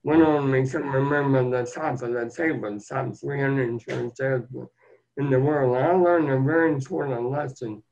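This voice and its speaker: A man's voice: mid-range voice, steady tone, normal speed, creaky, darkish tone. An older man telling his life story as an interview guest, in an earnest, plain-spoken and folksy way. The recording sounds dull and lo-fi. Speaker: guest, motivational speaker.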